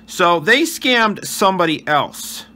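A man's voice: sits high, sing-song, takes it slowly, pushed and bright. A male channel host giving earnest voice-over commentary on gameplay and reading chat aloud. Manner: wishes viewers a blessed day.

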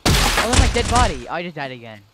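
A gamer giving casual gameplay commentary with excitable trash talk, yelps and gasps. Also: medium pitch, brisk, heavy background noise. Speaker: gamer playing online.

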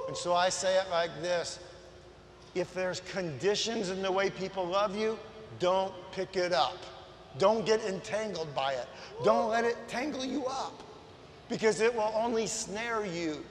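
Guy preaching slow and high, big echoey church hall, goes from quiet to yelling. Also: slight background noise. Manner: impassioned, swings from soft to shouting. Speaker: guest preacher. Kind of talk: sermon. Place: large church sanctuary.

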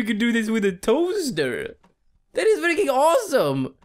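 A woman giving gameplay commentary, excitable, shrieking and swearing often. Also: a little high, a little slow. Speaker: let's play gamer.

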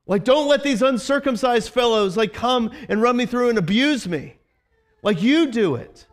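A man's voice: very high voice, animated, moderate pace, voice pushed up. A man voicing a frightened king who pleads urgently for help. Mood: pleading.

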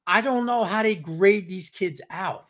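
A man's voice: sits high, unhurried, a bit bright. A man co-hosting a casual sports talk show, emphatic and repetitive, acting out the reactions of others. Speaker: podcast co-host.

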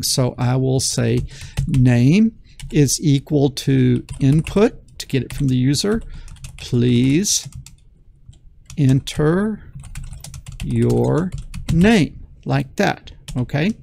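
In this screen-recorded coding lesson for beginners, the male teacher sounds a little high, creaky, and darkish in tone. He's folksy and enthusiastic, frequently repeating phrases to stress them.

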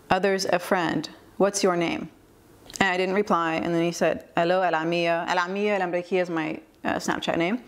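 Amused American woman, low voice. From United States. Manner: wry and amused, chatty with fillers. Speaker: YouTuber and English teacher. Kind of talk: casual vlog, reading messages aloud.

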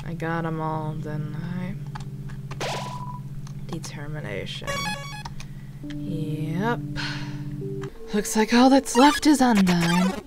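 Female let's player, low-ish voice, unhurried and wry. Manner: unhurried, wry, talks to herself. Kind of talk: casual game commentary. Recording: game music behind.

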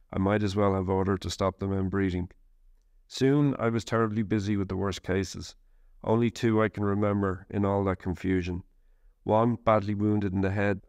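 A man narrating a first-person war memoir in a measured, steady reading. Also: on the low side, gravelly, no echo, clean studio sound.

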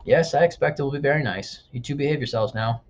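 A man reading an audiobook, voicing a suspicious middle-aged man in bifocals who speaks calmly and with false politeness. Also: mid-range voice, quick pace, a little hiss or hum, voice pushed up, close to an everyday voice. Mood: cold politeness. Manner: calm, probing, falsely polite. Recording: dull lo-fi audiobook recording.

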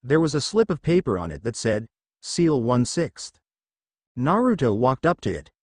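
A man narrating a fan fiction story aloud in a brisk storytelling way. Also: mid-range voice, wildly swooping pitch, a little mellow, no echo, studio quality.

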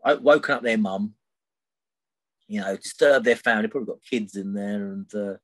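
This middle-aged podcast guest has a fairly low voice and speaks at a normal pace, with no echo in the recording. He rambles candidly through a personal story, repeatedly checking in with the listener by tacking "right?" onto his sentences.

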